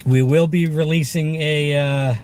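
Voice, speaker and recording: A man's voice: fairly high pitch, steady tone, a little slow. Chatty Boston man driving with wind noise. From Massachusetts. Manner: chatty and upbeat, talks to viewers. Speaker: food delivery driver livestreaming. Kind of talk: casual live-stream chat while driving. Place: inside a moving car, window cracked. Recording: loud wind and road noise in car. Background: traffic and wind through open window.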